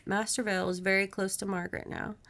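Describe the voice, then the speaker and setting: Woman host reading a creepy novel out loud, steady narrator voice. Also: medium pitch, fast, creaky. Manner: steady narration with asides and laughter. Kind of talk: reading a horror novel aloud.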